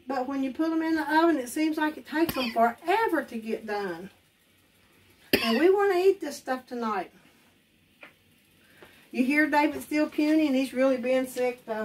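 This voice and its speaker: A woman's voice: sits high, distant mic, background noise. A woman with an Appalachian accent, hosting a home cooking show, chatting casually and rambling while she cooks in her kitchen.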